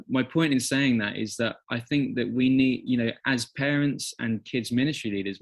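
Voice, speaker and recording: An English man in middle age, speaking as a podcast guest in relaxed conversation. He tells stories and acts out quotes with energy, his voice sitting at an ordinary pitch for a man. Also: creaky. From England. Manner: animated storyteller, acts out quotes. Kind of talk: conversational interview.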